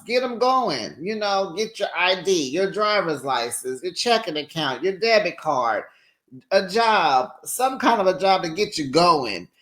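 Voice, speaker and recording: A man's voice: on the high side, fairly bright tone. Tired, sassy man recapping TV. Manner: chatty and sassy, with slangy asides to viewers. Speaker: reality TV recap host. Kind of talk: casual recap commentary.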